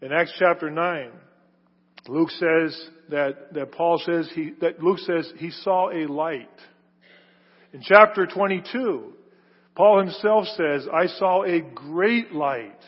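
Husky-voiced preacher in a reverberant hall. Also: male voice, takes it slowly. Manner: emphatic, builds to loud stressed phrases then drops low. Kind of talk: sermon. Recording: reverberant hall, dull lo-fi sound.

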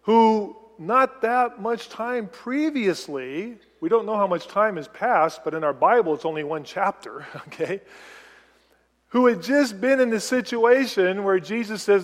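A man preaching with a fairly high voice, animated and quizzing his listeners as he goes. His sermon rings with the long echo of a church hall. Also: measured pace. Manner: animated preaching, asks the congregation questions. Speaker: pastor.

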